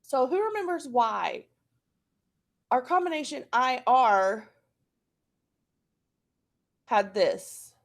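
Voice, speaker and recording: A woman's voice: sits high, sing-song, slow pace, pauses often. A woman with an Oklahoma accent teaching a phonics lesson, patiently repeating words for students to practice.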